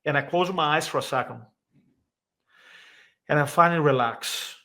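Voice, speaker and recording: With a bright, pushed voice on the high side and a normal speed, a man guesting on a podcast shares an emotional story from his own life. He's a speaking coach in the San Diego area who performs the voices he quotes and speaks with slightly non-native grammar.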